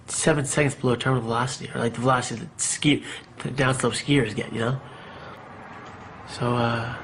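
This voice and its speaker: A man's voice: medium pitch, fairly bright tone, slight background noise. A man giving a candid, rambling personal testimony in an interview, with many fillers and restarts. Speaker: interviewee recounting his own story. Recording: music playing under the voice.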